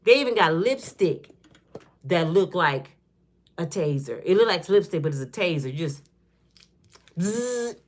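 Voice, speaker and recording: Her voice sits on the low side, with lively intonation and a moderate pace. She's a woman in her fifties hosting a channel, chatting casually and jokily in a commentary vlog and acting out bits as she goes.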